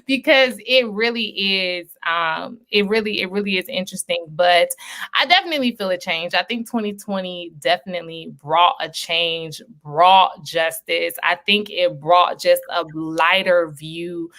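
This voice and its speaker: A woman hosting a film screening stream in a chatty, animated way, with many fillers and laughs. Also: fairly low pitch, a little slow. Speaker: host. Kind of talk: casual livestream chat.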